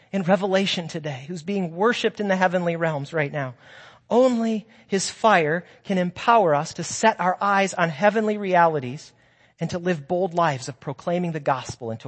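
A man with a high voice preaches a sermon, earnest and encouraging, weaving in personal stories and speaking to the congregation as friends. His voice rings out with a long reverb that carries through a church sanctuary. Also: breathy edge.

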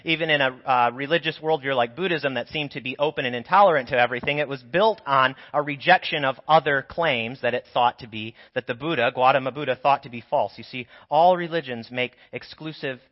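A man's voice: medium pitch, brisk, hardly any pauses. A man preaching a sermon in a church, talking through the passage in a conversational, explanatory way while nursing a sore throat. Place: church sanctuary. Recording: dull lo-fi sound with long church reverb.

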